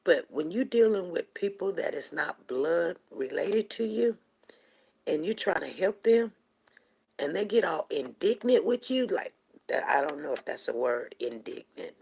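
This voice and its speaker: A woman hosts a casual livestream, rambling from one thought to the next and talking straight to her viewers. Her voice sits on the low side, husky and breathy, with a gravelly fry at the ends of phrases. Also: lively intonation, measured pace, a little mellow. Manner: greets viewers from the chat by name. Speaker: livestream host.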